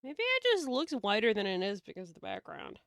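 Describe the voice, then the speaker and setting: A woman's voice: on the high side, huge pitch swings, brisk, fairly bright tone, dry recording, clean studio sound. A woman streamer chatting casually while she draws, playful and joking, laughing often.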